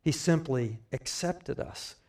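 Slow, measured male preacher. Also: a little high, animated, darkish tone. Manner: measured, explanatory, with light asides. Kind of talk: sermon.

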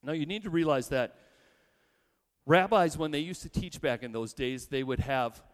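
Male pastor, sermon, emphatic, rhetorical questions, slightly high voice, long reverb in a big church. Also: normal speed. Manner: emphatic, builds lists, rhetorical questions to the congregation. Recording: long reverb in a large hall.

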